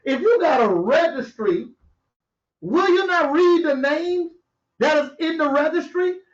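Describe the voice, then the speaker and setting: A man with a very high voice teaches scripture at an unhurried pace. He reads verses aloud and then talks them through casually, chuckling as he goes. The recording is echoey and muffled. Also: expressive. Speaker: preacher. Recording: roomy, dull lo-fi audio.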